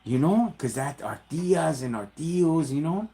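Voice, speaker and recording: Chicano man giving livestream shout-outs. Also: on the high side, lively intonation, measured pace, hardly any pauses. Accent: Chicano English. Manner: slangy street talk, constant "homie" and "dog"; mixes Spanish words and phrases into English. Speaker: livestream host.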